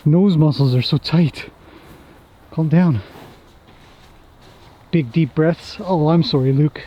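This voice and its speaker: A man's voice: fairly high pitch, dark tone, a little hiss or hum, poor audio. Chatty man talking to his horses. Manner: chatty, talks fondly to the horses. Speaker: horse trainer. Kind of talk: casual commentary while working horses. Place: outdoors in a horse pen.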